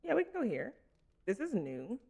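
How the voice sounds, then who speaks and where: A man's voice: extremely high pitch, huge pitch swings, normal speed, vocal fry, dark tone, a little hiss or hum. A man livestreaming a game, chatting casually with viewers and laughing often. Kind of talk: casual gaming stream chat.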